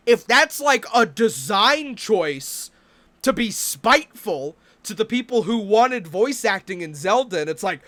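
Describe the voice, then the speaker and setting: A man's voice: high voice, very animated, a little slow, pushed and bright. A man streaming, ranting about video games in a profane, exasperated way.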